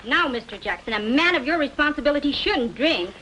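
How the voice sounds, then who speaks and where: A woman's voice: sits high, lively intonation, a little fast, bright, forceful tone, slight background noise, rough recording. An actress playing a fussy mother who insistently asks after her baby's photo in a 1940s film. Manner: insistent, plaintive. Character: fussy fretting mother wanting baby photo.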